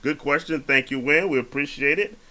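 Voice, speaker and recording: A man's voice: on the high side, moderate pace, pushed and bright. A man hosting a casual sports podcast, laid-back and slangy, often restarting his words. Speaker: podcast host.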